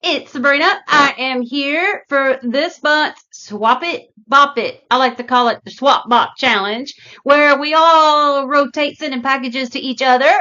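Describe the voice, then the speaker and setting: A woman hosting her craft channel, chatting excitedly and gushing as she opens a mystery box. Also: high-pitched, muffled recording. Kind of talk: casual unboxing vlog.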